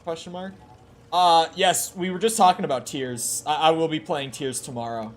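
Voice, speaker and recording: A man's voice: a little high, steady tone, normal speed, a little hiss or hum. A man streaming a video game, casually reading chat aloud and reacting to the gameplay in a laid-back way.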